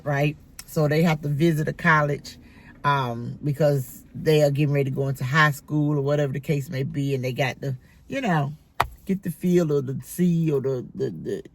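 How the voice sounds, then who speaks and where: Gravelly, scolding middle-aged bus driver. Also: medium pitch. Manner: scolding, emphatic, repetitive. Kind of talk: casual monologue vlog.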